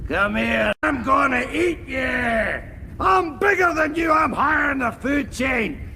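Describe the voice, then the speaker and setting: An actor playing a crude, gluttonous Scottish henchman in a film comedy, loud and boastful. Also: very high voice, animated, slow, creaky, in a large hall, a little hiss or hum, heavily acted. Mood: bellowing glee. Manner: crude, bellowing, gleeful.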